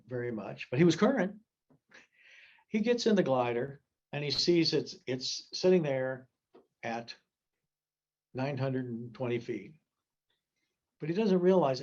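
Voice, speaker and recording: A man's voice: medium pitch, dull audio. A man in his seventies giving a gliding safety talk, telling folksy, joking stories to a club audience. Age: 70s.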